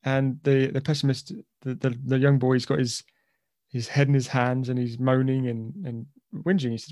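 A man tells a story on a podcast and acts out each voice with lively energy. His mid-pitched voice is recorded close and dry, with no room sound. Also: moderate pace, no echo. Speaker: podcast guest. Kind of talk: conversational storytelling.

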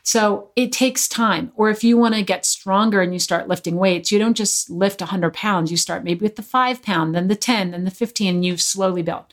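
A woman guest explains a calming breath practice in a relaxed conversational way. She sounds earnest and instructive and speaks frankly. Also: medium pitch, normal speed, hardly any pauses. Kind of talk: casual explanatory chat.

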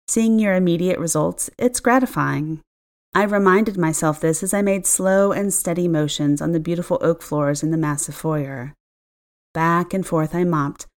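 A woman reading a first-person story aloud in an expressive, wry manner. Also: on the low side. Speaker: narrator. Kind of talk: first-person audiobook narration.

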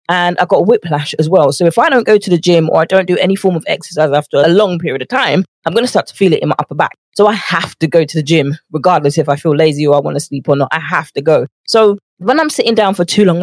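With a lowish, somewhat mellow voice and no echo, a woman hosts a motivational podcast from her home office, where she works as a nutrition coach. She chats away, performs quoted voices, and sounds slightly out of breath from walking on a treadmill pad.

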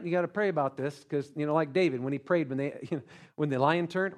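A male pastor preaching a sermon, animated and joking, calling out to the congregation. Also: high voice, brisk.

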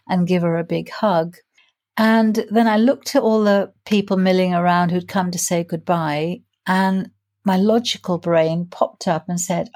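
A woman in her sixties, a grief coach telling her own story in an interview, reflective and earnest, slowing down to stress key points. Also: mid-range voice, a little mellow. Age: 60s. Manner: reflective, earnest, slows down for emphasis.

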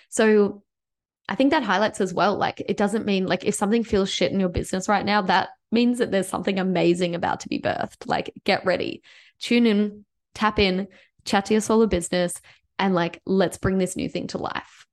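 A woman talks alone on her business podcast in a loose, chatty way. She is upbeat and encouraging, sprinkling "like" through her sentences. Her voice sits at an ordinary middle pitch for a woman. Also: steady tone, brisk. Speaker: podcast host and business coach. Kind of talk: casual solo podcast monologue.

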